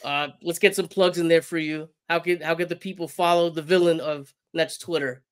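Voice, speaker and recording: A hoarse man hosting a casual podcast, easygoing as he talks. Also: fairly high pitch, steady tone, a little fast. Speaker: podcast host.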